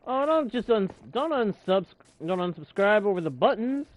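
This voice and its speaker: A man's voice: high voice, animated, moderate pace, no room sound, low-quality recording. A man hosting a live game stream, chatting casually and jokingly with viewers and the game. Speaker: streamer and channel host.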